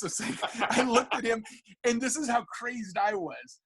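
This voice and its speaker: A man, a comic book artist guest, telling stories in casual podcast chat with animated, stammering restarts. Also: very high-pitched, a little slow, husky, poor audio.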